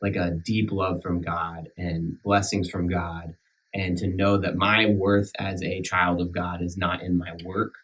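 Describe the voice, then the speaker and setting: Deep-voiced earnest minister with a country accent. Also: male voice, little pitch movement, fairly bright tone, recorded from a distance, rough recording. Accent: rural American country. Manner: halting, many restarts and fillers, earnest. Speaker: minister back from sabbatical. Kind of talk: casual podcast chat. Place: church podcast room.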